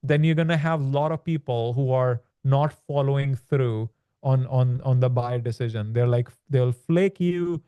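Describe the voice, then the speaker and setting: A man with a medium-pitched voice that is mellow, clear, and resonant speaks at a moderate pace as a podcast guest and land business author. In the conversational interview he explains casually, peppering his speech with "like" and "right?", and the audio is dull with no echo.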